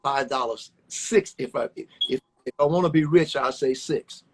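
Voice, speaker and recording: An older former baseball player from Alabama, USA, appears as a guest in an interview, telling folksy, rambling stories and repeating his words. He's at home on a livestream, captured by a phone in a low-quality recording with a slight hiss or hum; his medium-pitched voice is a little slow.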